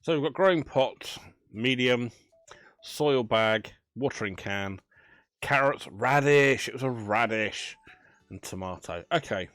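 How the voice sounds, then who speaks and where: A man's voice: medium pitch, animated, unhurried, a bit bright, no echo. A man chatting casually as he plays a management game, thinking aloud with dry banter. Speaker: gaming channel host. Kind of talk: casual let's play commentary.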